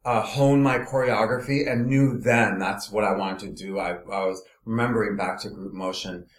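A man from Los Angeles, a guest in an interview, telling his career story in an animated, meandering way. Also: lowish voice, normal speed, reverberant. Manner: animated storytelling, trailing off and restarting. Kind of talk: casual conversational interview.

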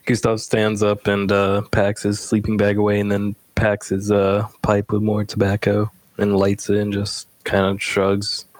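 A man's voice: lowish voice, completely flat delivery, measured pace, few pauses, no room sound. A man playing a tabletop game, describing his character's actions in a laid-back way. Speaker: player. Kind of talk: tabletop role-play.

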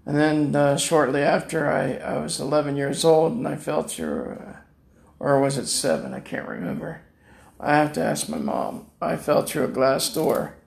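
Older man in pain, rambling monologue from home; gravelly, raised pitch. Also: animated, moderate pace. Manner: rambling, repeats words, laughs at own jokes. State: in chronic pain. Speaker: podcast guest. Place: room at home.

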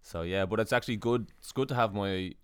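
A young Irish man with a low, deep voice chats casually as a podcast co-host, laid-back and quick to swear and laugh. The sound is dry and close, with no room around it. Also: smooth, no echo. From Ireland. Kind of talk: casual chat.

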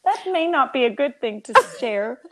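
Chatty woman podcast host, bit high. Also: moderate pace, a loud crowd. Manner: chatty, laughs often, animated storytelling. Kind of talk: casual chat.

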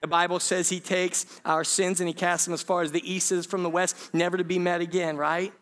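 A man's voice: high-pitched, level tone, brisk, a bit bright. A pastor preaching an emphatic sermon to his congregation in a church sanctuary.

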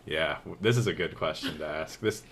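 A man co-hosting a podcast in casual chat, who gets animated and jumps way up in pitch when he is indignant. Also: a little fast, a little hiss or hum. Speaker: podcast co-host.

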